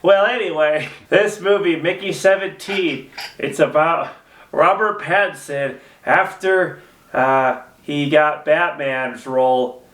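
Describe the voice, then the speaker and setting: A man's voice: fairly high pitch, takes it slowly, echoey room, distant mic. Casual man co-hosting a movie podcast. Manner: playful, swears a lot, jumps into excited yelps. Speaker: podcast co-host. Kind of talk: casual movie review chat with comic skits.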